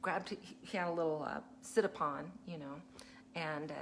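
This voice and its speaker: A chatty woman teacher talking casually on a live stream, her voice sitting a little low. She laughs easily and slips into little acted-out bits of kids and parents. A faint hum of room sound sits behind her. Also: steady tone, normal speed.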